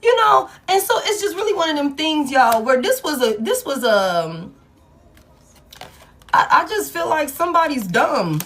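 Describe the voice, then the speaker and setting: A woman giving a live tarot reading to her viewers, blunt and heavy with swearing, swinging between loud hype and low muttering. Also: sing-song, normal speed. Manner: blunt, profane and emphatic. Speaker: tarot reader.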